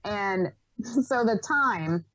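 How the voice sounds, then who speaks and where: A young woman from Rhode Island telling stories as a podcast guest, animated, laughing often and acting out what people said. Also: mid-range voice, extremely slow, no room sound, low-quality recording. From Rhode Island, USA. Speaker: podcast guest, environmental educator. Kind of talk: casual storytelling in an interview.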